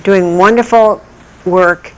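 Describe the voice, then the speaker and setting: A woman guest explaining regional art history in a measured, thoughtful way with pauses. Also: medium pitch, fairly even intonation, poor audio. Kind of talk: explaining in an interview.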